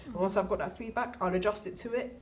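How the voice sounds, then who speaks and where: A woman's voice: medium pitch, quick pace. A teenage girl, a student guest, giving emphatic advice in casual chat, repeating her points and asking rhetorical questions. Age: late teens.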